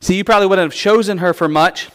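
A male preacher with a voice pitched a little above the usual, teaching scripture in a casual, conversational sermon. He talks in an animated, chatty way and drops playful asides as he explains. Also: quick pace, smooth.

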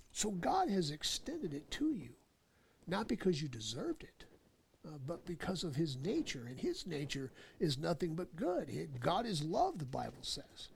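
A man preaching a sermon in an emphatic way, repeating key phrases and slowing down to stress words. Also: fairly high pitch, vocal fry, slight background noise.

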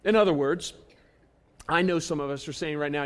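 A man preaching a sermon to his church, earnest and repetitive, swinging between emphatic and hushed delivery. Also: on the high side, fairly quick. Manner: earnest, repetitive, stresses key phrases, shifts between loud and hushed. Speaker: pastor. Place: church auditorium.

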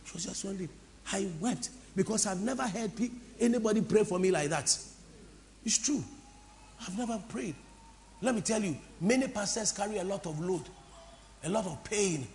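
A woman pastor from Ghana, preaching a sermon to a congregation in an impassioned, repetitive, sing-song way that swings between soft and loud. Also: medium pitch, lively intonation, normal speed, gravelly, a little hiss or hum. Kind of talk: preaching a sermon with call-and-response. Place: church before a congregation.

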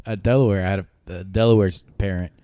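A young man co-hosting a family podcast, telling stories in an animated way with frequent laughs. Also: low voice, quick pace, clear, resonant tone, no room sound, dull audio. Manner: animated storyteller, laughs often. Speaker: son and podcast co-host. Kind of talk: casual family podcast chat.

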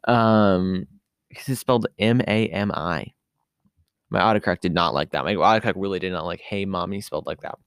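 A man's voice: sits low, brisk, fairly bright tone, smooth, no echo. A man hosting a podcast on his own, talking in a casual, rambling way with lots of fillers and asides. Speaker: podcast host. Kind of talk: casual solo podcast talk.

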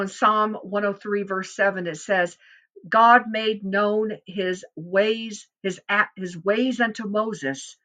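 A middle-aged woman gives an earnest devotional Bible teaching in a bright, clear voice. She talks fervently, and her voice climbs with feeling whenever she voices a prayer. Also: mid-range voice. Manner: earnest, fervent, rising and swelling on quoted prayers.

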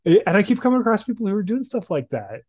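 A man's voice: high-pitched, sing-song, fast, a little mellow, husky, no room sound. A man in his twenties hosting a podcast interview, chatty and upbeat, laughing easily with his guest. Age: 20s. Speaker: podcast host and life coach.

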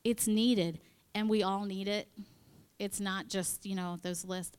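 A woman's voice: mid-range voice, steady tone, takes it slowly, a little mellow, clear, resonant tone. A woman speaking to a women's church gathering in a chatty, conversational sermon, acting out quoted voices and dropping into whispered asides. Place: in front of a live audience.

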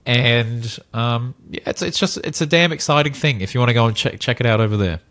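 An Australian man co-hosting a casual podcast chat, enthusiastic and quick to exclaim. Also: mid-range voice, fairly bright tone. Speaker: podcast co-host.

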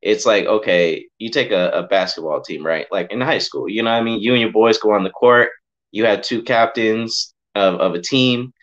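Man, low voice, emotional faith testimony, muffled lo-fi recording. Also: normal speed, fairly bright tone. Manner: heartfelt, emotional, preachy, says bro and man a lot. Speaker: podcast guest sharing testimony. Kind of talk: casual faith chat. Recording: muffled lo-fi audio.

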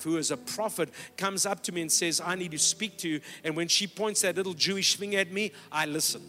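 Emphatic preacher man in a big hall. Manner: emphatic, rising to loud exhortation then dropping low. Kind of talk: sermon. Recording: long hall reverb.

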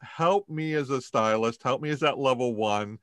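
A male podcast host speaks in an encouraging way while he sets up the questions. His tone is bright and forceful. The recording is dry and close, with no room sound. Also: mid-range voice, normal speed, no room sound. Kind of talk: casual interview chat.

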